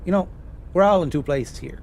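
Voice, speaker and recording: An actor playing a calm, fatherly fisherman with a Newfoundland accent, giving gentle folksy advice. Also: high voice, fairly quick, a little hiss or hum.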